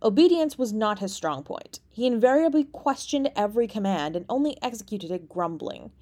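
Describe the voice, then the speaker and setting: A woman reads a classic short story aloud in a measured, even storytelling voice. Her pitch sits in the middle of the range for a woman. The narration is unhurried and steady. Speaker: audiobook reader. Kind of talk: scripted narration.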